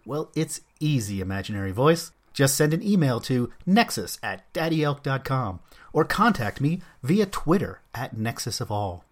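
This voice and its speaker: A man's voice: medium pitch, sing-song, normal speed. A man hosting a solo comics podcast, talking with a wry, self-mocking humor. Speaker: podcast host.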